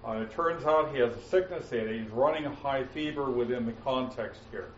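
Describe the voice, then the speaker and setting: A man's voice: mid-range voice, slight background noise. Guy doing a bible study lesson, lots of uhs, sounds off-mic and kinda muffled in an echoey room. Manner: frequent "uh" fillers, slows down to stress quoted phrases. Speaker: Bible teacher. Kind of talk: verse-by-verse Bible teaching. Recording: roomy, muffled, mic at a distance.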